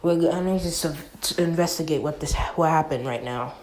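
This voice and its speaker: A woman's voice: low voice, fairly quick, a little mellow, echoey room, voice pushed down, lightly acted, poor audio. A woman doing a subdued young fire mage. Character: young male fire mage, brash but serious.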